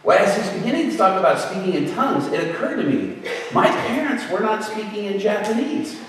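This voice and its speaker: A man telling a lively story in a sermon, acting out the voices of the people in it. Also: sits high, fairly quick, a little hiss or hum. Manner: animated, acts out voices in his story. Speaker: preacher. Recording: echoey hall from far off.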